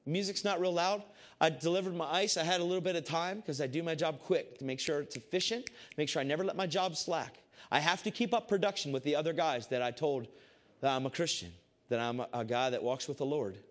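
A man giving a casual, animated Christian testimony to a group. He swings between loud excitement and hushed intensity. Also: a little high, fairly quick. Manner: casual, repeats "I said" often. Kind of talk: testimony storytelling to a crowd.

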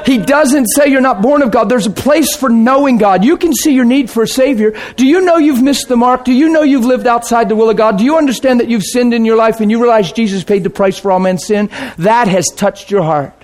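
A man preaching a sermon and telling his own conversion story, emphatic and dramatic, dropping to a hush and then shouting. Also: extremely high pitch, brisk, few pauses. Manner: emphatic, dramatic, swings between hushed and shouting. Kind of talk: sermon with personal testimony.

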